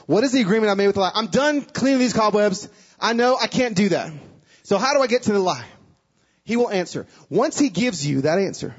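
A male preacher with a very high, husky voice gives an animated sermon, acting out dialogue as he tells stories. The recording sounds dull and lo-fi. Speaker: guest speaker. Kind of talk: sermon with storytelling.

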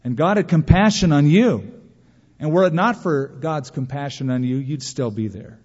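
A man preaching a sermon to a congregation, lively and storytelling, acting out imagined complaints in a raised voice. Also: on the high side, moderate pace, breathy edge. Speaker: pastor. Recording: dull lo-fi sound with long reverb of a large hall.

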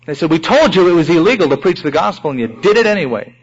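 High-voiced preacher man, lo-fi sermon. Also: fast. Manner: animated, acts out prayers in raised voices. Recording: dull lo-fi recording.

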